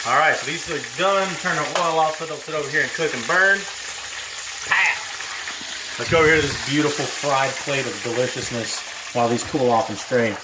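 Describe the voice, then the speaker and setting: A man's voice: fairly high pitch, moderate pace, noisy background. A man hosting a casual cooking demonstration in his home kitchen, talking in a laid-back, chatty way with folksy asides. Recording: roomy kitchen with music behind.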